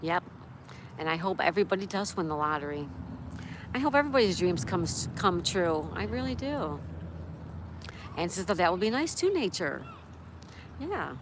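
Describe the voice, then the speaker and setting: A woman live streams outdoors beside a road in a town, tending her dog while chatting casually and reading chat messages aloud. Her fairly low voice has lively intonation, and she speaks unhurriedly with long pauses. Street and vehicle noise, including clear traffic sounds, fills the stream.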